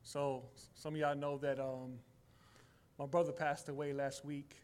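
Man in his forties giving an earnest church testimony, plain-spoken, rising to conviction, slightly high-pitched. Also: level tone, unhurried, darkish tone. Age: 40s. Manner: heartfelt, casual street speech, grows emphatic. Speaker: church member sharing a testimony. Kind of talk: personal testimony.

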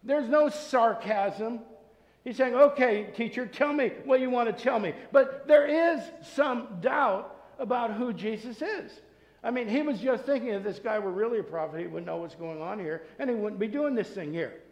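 A pastor with a high-pitched voice delivers an earnest sermon, pushing hard on key points and then dropping into quiet asides. He is recorded in a church, and his voice carries a long, echoey hall reverb. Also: moderate pace, muffled recording. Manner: earnest preaching, swinging between loud emphasis and soft asides. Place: church sanctuary with masked congregation.

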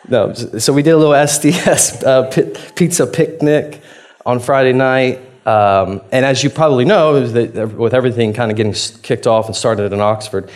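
Male pastor, mid-pitched. Chatty and self-deprecating, laughs often, acts out his own reactions while preaching. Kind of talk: conversational sermon with a personal story.

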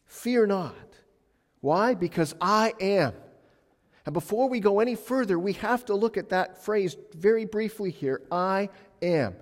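A male pastor preaching a sermon with emphasis, swinging between loud passages and hushed ones. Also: high voice, animated, measured pace. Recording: long reverb of a large hall.

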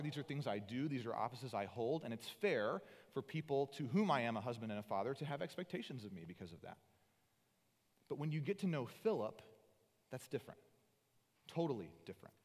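A man preaching as a pastor, earnest, moving between loud emphatic lines and soft, intimate passages. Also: medium pitch. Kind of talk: sermon. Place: church sanctuary. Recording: long hall reverb.

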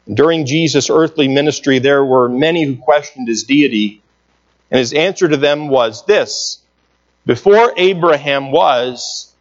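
A man delivers a sermon in an earnest, emphatic way, often repeating a phrase for weight as he reads scripture aloud. His voice sits on the higher side for a man. The recording is dull and lo-fi, with the top end rolled off. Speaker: preacher.

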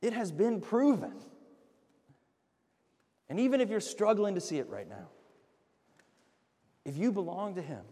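A male pastor preaching an earnest sermon, swinging between loud emphatic lines and hushed, slow drops. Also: high-pitched, sing-song, long reverb tail.

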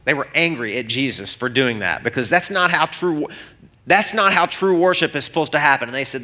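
A male pastor preaching a sermon to a congregation, animated and conversational, often restarting phrases. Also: fairly high pitch, fairly quick. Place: church hall before a congregation.

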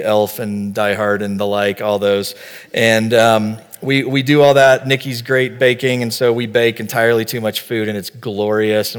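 A middle-aged male pastor giving a conversational sermon that builds to fervent emphasis. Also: medium pitch. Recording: long hall reverb.

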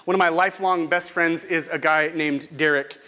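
A man's voice: a little high, steady tone, moderate pace, bright, forceful tone. A middle-aged male pastor from California preaching a sermon in a conversational, self-deprecating way, often asking the congregation questions.

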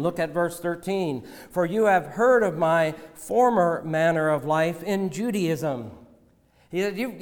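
A man preaching a sermon as pastor, measured and deliberate, often asking rhetorical questions. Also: sits high, long reverb tail.

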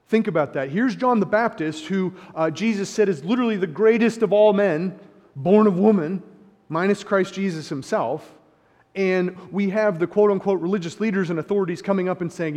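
A man delivers a sermon with a fairly high voice. He swings from hushed, reflective passages to emphatic, driving points. His words ring out with a long reverb, as if in a large sanctuary. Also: moderate pace. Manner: sarcastic paraphrasing of opponents. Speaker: preacher.

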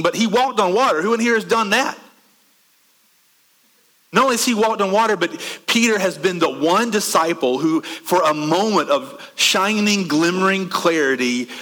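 A man preaching a sermon conversationally, asking the room questions and swinging between quick bursts and slow, soft stretches. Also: high-pitched, big-room sound. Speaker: pastor.

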